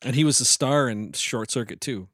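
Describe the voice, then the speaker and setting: A man's voice: mid-range voice, moderate pace, fairly bright tone, no echo, clean studio sound. A man co-hosting a podcast, chatting casually about old movies, joking and teasing his co-host with frequent laughs.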